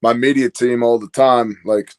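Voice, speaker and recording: A man's voice: mid-range voice, steady tone, moderate pace, clean tone. A man on a casual livestream talk, telling loose stories about his team with lots of quoted asides and fillers. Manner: candid, rambling storyteller with quoted asides. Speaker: guest business owner.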